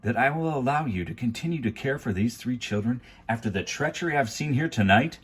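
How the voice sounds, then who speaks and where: A man's voice: mid-range voice, expressive, a little fast, husky, voice pushed up, low-quality recording. A man playing an exasperated, officious banker.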